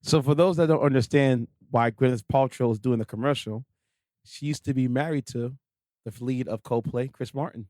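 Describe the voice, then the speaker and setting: A man's voice: medium pitch, moderate pace, a little mellow, no echo, studio quality. A man co-hosting a podcast, telling a story in casual banter and stumbling over words now and then. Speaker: podcast co-host.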